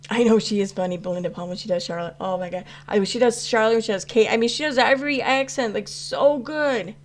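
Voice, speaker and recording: A woman's voice: a little high, quick pace. Chatty woman rambling on a livestream. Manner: rambling, many fillers and restarts. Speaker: YouTube commentary host answering live chat. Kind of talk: casual live-stream chat.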